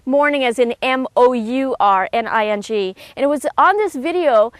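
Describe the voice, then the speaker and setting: A woman with a high, light voice gives a personal testimony. She speaks earnestly and emotionally and often restarts her sentences. The sound is dry and close, with no room around it. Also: expressive, moderate pace, dry recording. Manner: acts out quoted voices with raised pitch.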